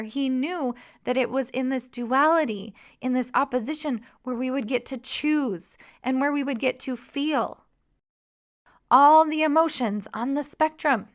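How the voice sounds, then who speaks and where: A woman hosting a podcast, talking in a warm, encouraging coaching tone. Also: high-pitched. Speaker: podcast host and mission coach. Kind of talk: podcast monologue.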